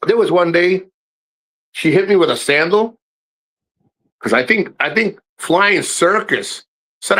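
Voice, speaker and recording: A middle-aged man hosting a live stream, telling profane family stories to his chat in a casual, animated way, his voice jumping high when he quotes people. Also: takes it slowly, pauses often, rough recording. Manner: animated, swearing, voice jumps high for quoted lines.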